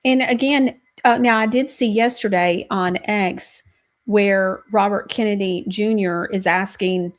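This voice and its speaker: A woman with a medium-pitched voice hosts a casual political talk show, speaking emphatically and rambling, with quick, animated asides where she quotes other people.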